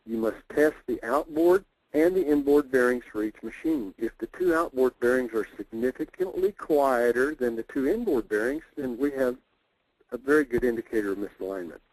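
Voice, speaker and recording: A man's voice: mid-range voice, normal speed, a little mellow, dry recording, low-quality recording. A man presenting a technical training webinar, plainspoken and repeating his key points for emphasis.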